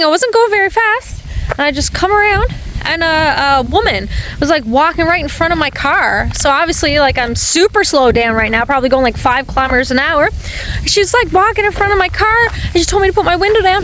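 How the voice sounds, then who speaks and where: A woman's voice: high-pitched, a bit bright, slight background noise, low-quality recording. A woman telling a casual, rambling story for her vlog, full of fillers and self-corrections, recorded by a dirt road. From Newfoundland. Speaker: vlogger. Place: parked car by a dirt logging road, outdoors.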